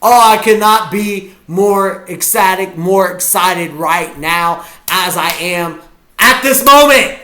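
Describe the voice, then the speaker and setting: A man reacting to a football game as a fan, hyped and often shouting his cheers. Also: sits high, slow, a little hiss or hum. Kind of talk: live game reaction vlog.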